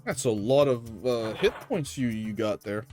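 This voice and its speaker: A man's voice: medium pitch, lively intonation, measured pace, a little mellow, soft background music. A man giving casual commentary while playing a game, chatty with muttered asides, on a desk microphone. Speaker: gamer.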